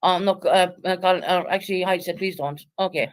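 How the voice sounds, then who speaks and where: A woman with a thick Irish accent, chatting casually, quick and agreeable with hesitant fillers. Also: on the low side, fairly even intonation, dry recording. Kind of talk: casual chat.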